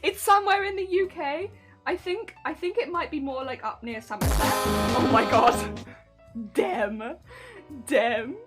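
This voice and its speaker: A woman's voice: high voice, measured pace. A woman streaming while she crafts a cosplay, chatting casually, giggling often and reading out her chat. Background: soft background music.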